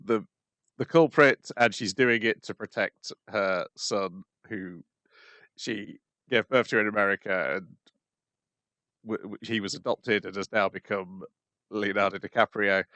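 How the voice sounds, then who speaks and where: A man co-hosting a podcast, summarizing plots in a halting, casual way. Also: on the low side, fairly even intonation, pushed and bright, dry recording. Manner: halting, plot-summarizing with fillers. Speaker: podcast co-host. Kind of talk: casual chat.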